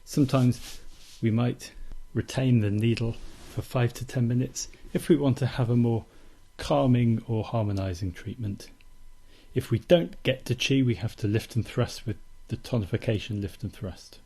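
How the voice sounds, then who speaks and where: A man calmly teaching acupuncture technique in a steady, methodical instructional demonstration. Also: mid-range voice, moderate pace, slightly rough. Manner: calm, steady, methodical explaining.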